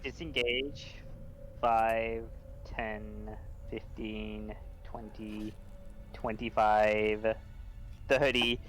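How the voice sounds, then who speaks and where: A man's voice: mid-range voice, measured pace, a bit bright, faint music behind. Methodical male tabletop player. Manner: methodical, works through rules and numbers aloud. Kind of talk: playing a tabletop game.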